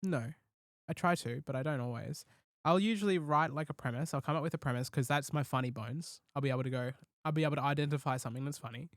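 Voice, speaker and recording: A man, a comedian hosting a podcast, rambling through his writing process with casual swearing and quick asides. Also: on the high side, dry recording, clean studio sound. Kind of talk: casual chat.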